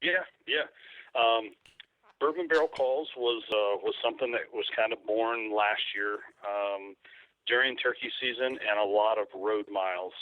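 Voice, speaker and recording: A man's voice: lowish voice, a little slow. A man talking casually as an interview guest, rambling with fillers and restarts. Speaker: guest, hunting photographer. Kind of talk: casual interview over the phone. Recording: tinny phone line.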